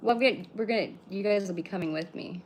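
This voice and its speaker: This thirtysomething livestreamer from British Columbia talks fast in a medium-pitched, slightly mellow voice, with a faint hiss or hum behind her. She rambles casually while answering viewers, blunt and cursing freely.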